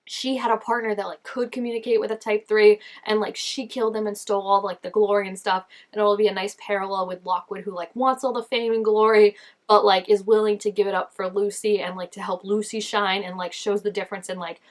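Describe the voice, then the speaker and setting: A woman's voice: medium pitch, flat delivery, fairly quick. Chatty woman gushing over a show. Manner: chatty, gushing, peppers speech with "like". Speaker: TV episode reactor. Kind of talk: casual reaction commentary.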